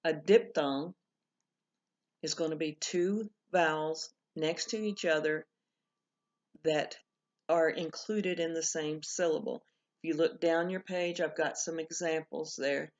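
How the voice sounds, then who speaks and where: A woman teaching a language lesson on a home video, speaking at a slow, unhurried pace. She explains patiently and stops to fix her own slips. The recording sounds dull and lo-fi. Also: low voice, steady tone. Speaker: Spanish teacher.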